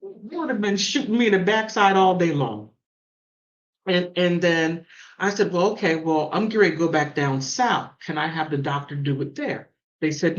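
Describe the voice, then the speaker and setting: A woman from the mountains hosting a call-in show and telling stories in a casual, animated way. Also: moderate pace, dull audio. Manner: animated storytelling with big pitch swings. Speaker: host. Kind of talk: casual chat.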